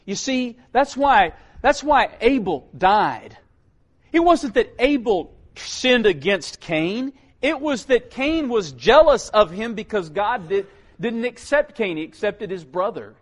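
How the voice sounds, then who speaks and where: A man preaching a sermon, swinging from loud emphatic calls down to low, quiet lines. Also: lively intonation, slow pace.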